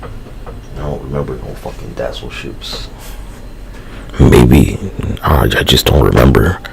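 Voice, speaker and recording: A man's voice: very deep voice, takes it slowly, creaky, darkish tone, poor audio. A man live streaming, rambling loosely in a casual, profane, slangy way. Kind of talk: rambling casual livestream talk.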